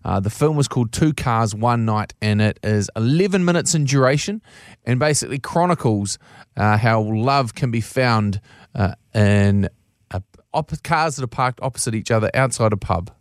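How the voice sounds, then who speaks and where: Kiwi podcast co-host, dry close mic. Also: male voice, mid-range voice, lively intonation, normal speed, dry recording. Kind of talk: casual chat.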